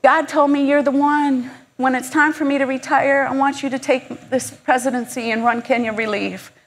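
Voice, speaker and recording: A woman voicing an excited Southern man, a fellow mission leader, with an Alabama accent in an earnest, enthusiastic manner. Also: high voice, normal speed, slight background noise, pitched above the performer's own voice.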